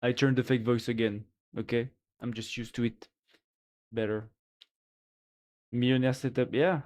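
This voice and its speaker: A man streaming live, chatting about microphones in a rambling way with many restarts, his voice run through a pitch-lowering voice changer. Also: level tone, a little slow, a little mellow. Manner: rambling, many restarts, reads chat aloud. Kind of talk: casual live-stream chat about gear. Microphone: studio mic on a boom arm.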